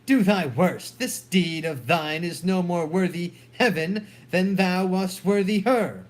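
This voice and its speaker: A fierce, fearless waiting-woman, as a man reads her, hurling urgent accusations in a voice pitched high. The delivery is slow and weighty between the outbursts. A dramatic play reading. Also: soft background music. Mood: outraged.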